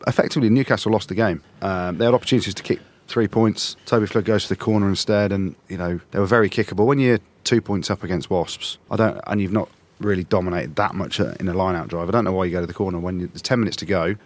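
A man hosting a casual rugby podcast, chatty and quick to laugh, rambling through match analysis. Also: sits low. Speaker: podcast host.

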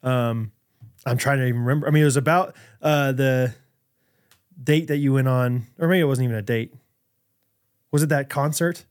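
An American man co-hosting a podcast in casual chat, laughing often and breaking into loud movie-quote impressions. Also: medium pitch, moderate pace, long pauses. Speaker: podcast co-host.

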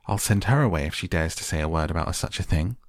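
A man's voice: sits low, normal speed, creaky, a little mellow, slightly rough, dry recording, studio quality, heavily acted. A man doing an imperious sickly boy. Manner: commanding, grand.

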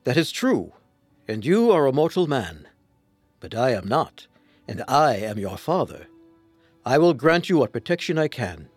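An actor playing a divine father consoling his grieving son, solemn and soft-spoken. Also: medium pitch, big pitch swings, measured pace, husky, no echo, soft background music. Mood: solemn comfort. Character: gentle divine father god, male, ageless, comforting. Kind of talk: storybook audio drama.

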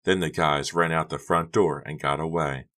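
A man voicing a quiet, low-key teenage boy in an audiobook. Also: steady tone, moderate pace. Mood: calm. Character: laid-back teenage boy, soft-spoken. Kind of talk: audiobook character voice.

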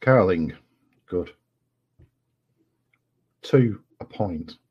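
A man's voice: low-pitched, animated, extremely slow, slightly rough. A man with an English accent chatting casually on a late-night livestream, rambling and apologetic with many fillers. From England. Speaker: guest. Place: home at night. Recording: dull lo-fi home recording.

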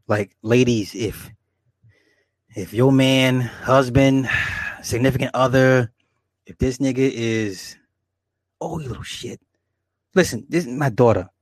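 A man's voice: medium pitch, slow pace, pauses often, dry recording, studio quality. Rambling, profane man streaming from home. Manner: rambling, profane, laughs often, talks to viewers. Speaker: livestream host. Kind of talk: casual livestream chat, reading comments.

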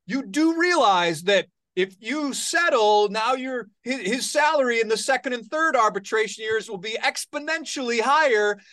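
Man, podcast co-host, lively and animated delivery, dry close sound. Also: extremely high pitch, moderate pace, few pauses, no echo. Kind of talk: casual sports podcast talk.

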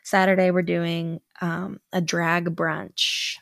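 Casual podcast co-host, woman, 30s, rambly and chatty; low register with vocal fry. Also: flat delivery, takes it slowly, a bit bright, dry recording, studio quality. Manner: chatty, rambling with many fillers. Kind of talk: casual chat.

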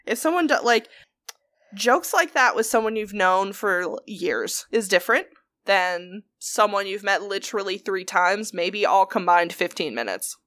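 A woman's voice: medium pitch, unhurried. Young woman telling a story, swearing. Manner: animated storytelling with frequent swearing. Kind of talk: casual chat.

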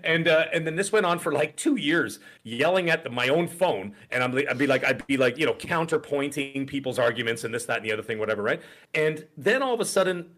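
A man's voice: mid-range voice, lively intonation, fast talker, a bit bright. A middle-aged man co-hosting a podcast, telling a long story in casual chat, full of fillers and asides. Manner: rambling storyteller with frequent fillers. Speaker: podcast co-host.

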